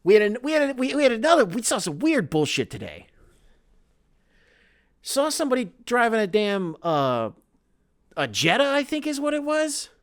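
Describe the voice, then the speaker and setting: A man's voice: very high-pitched, wildly swooping pitch, moderate pace, pauses often. A man in his thirties hosting a podcast, rambling through a comedic monologue with lots of profanity. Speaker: podcast host.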